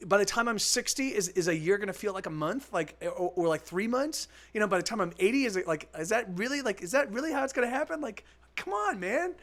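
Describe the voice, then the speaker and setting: High-voiced rambling man chatting between songs. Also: a bit bright. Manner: rambling, restarts, swears casually. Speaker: musician streaming live. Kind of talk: casual chat between songs.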